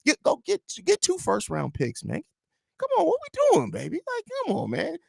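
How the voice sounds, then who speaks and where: A man putting on the voice of a greedy aging male team owner, pleading in a high squealing voice. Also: huge pitch swings, normal speed, vocal fry, dry recording, studio quality, heavily acted.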